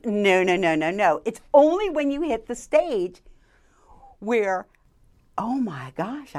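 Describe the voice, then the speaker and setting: A woman, a keynote speaker, giving interview advice in an animated, emphatic way. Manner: animated, emphatic delivery with lively pitch swings. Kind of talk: conversational interview, coaching tips.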